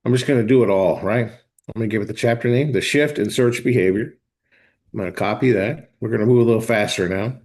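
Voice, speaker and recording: A man hosting a live online class, talking viewers through software step by step in a casual, chatty way. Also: lowish voice, fairly quick. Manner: casual, talks to viewers directly, thinks aloud while clicking. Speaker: host of a software training session. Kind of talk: live screen-share walkthrough.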